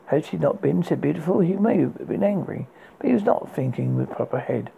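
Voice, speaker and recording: A man's voice: on the high side, lively intonation, brisk, gravelly, husky, narrow, tinny audio. A man reading a fairy tale aloud, unpolished, often stumbling and restarting words. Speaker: narrator. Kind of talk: storybook reading.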